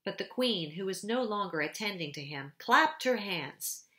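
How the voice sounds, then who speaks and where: A woman reading a children's storybook aloud in a gentle, unhurried narration. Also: mid-range voice, animated. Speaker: storybook reader.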